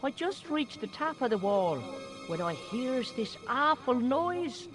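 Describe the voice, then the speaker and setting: An actor playing a cheeky, boastful young Irish boy in a game, with a high, boyish, chirpy way of telling tales. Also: very animated, slow, full character voice. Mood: spooky tale. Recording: game audio with music behind.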